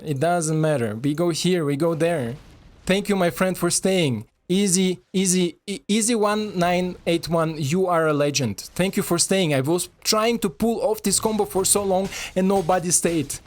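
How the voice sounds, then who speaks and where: A man giving casual, excitable commentary over a card game, swearing and talking to his viewers in non-native English. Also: sits high.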